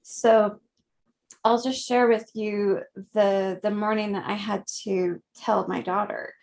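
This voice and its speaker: A woman in her thirties, a guest in an interview, speaking gently and reflectively, with frequent soft laughs. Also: medium pitch, flat delivery. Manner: slow, gentle, reflective, laughs softly often. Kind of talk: conversational interview.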